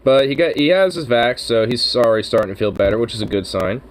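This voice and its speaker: A man's voice: mid-range voice, lively intonation, fast talker, slight background noise, low-quality recording. A man riffing casually on an old film, laid-back and rambling, with plenty of swearing.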